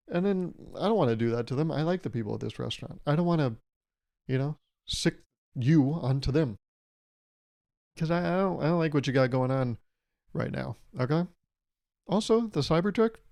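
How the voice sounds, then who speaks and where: A man's voice: a little high, animated, moderate pace, gravelly, dark tone. A man hosting a solo podcast, talking casually and playfully, acting out imagined conversations. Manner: playful, rambling, acts out imagined dialogues. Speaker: podcast host. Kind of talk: casual comedic monologue.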